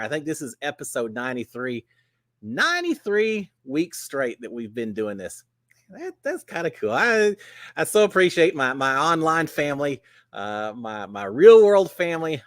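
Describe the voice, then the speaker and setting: A man's voice: medium pitch, a bit bright, no echo, clean studio sound. A middle-aged man hosting a casual livestream chat, folksy and upbeat, with plenty of "uh" fillers. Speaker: host.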